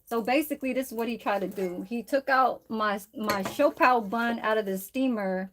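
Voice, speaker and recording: Woman livestreaming from her kitchen, loose and profane, chatting to viewers, voice a touch high. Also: normal speed, fairly bright tone, slight background noise. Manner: rambling, profane storytelling to chat. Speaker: livestream cook. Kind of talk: casual livestream chat while cooking.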